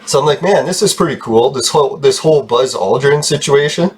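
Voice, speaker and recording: A man telling a long rambling story in a casual vlog, swearing freely, getting excited and laughing often. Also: medium pitch, a little fast, slightly rough. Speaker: channel host telling a story.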